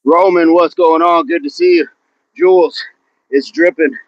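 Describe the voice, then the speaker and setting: Male fitness streamer working out outdoors, out of breath, casual with chat; pitch sits a bit high, muffled lo-fi phone audio. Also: fairly even intonation, measured pace, dry recording. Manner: breathless, greets chat viewers by name between reps. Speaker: fitness livestream host. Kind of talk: live workout chat with viewers. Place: outdoors at the bottom of a hill under a tree. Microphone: phone propped against a tree.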